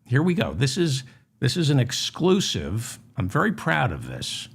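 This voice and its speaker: Deadpan man with animated swings. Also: medium pitch, measured pace, vocal fry, breathy edge. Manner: deadpan mock-serious, with sudden indignant outbursts. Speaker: comedy news host. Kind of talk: satirical news monologue.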